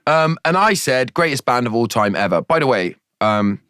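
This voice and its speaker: Jokey man, lively pitch. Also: normal speed, clear, resonant tone, no echo, studio quality. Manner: jokey, laughs often, playful storytelling. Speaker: podcast co-host. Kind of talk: casual chat.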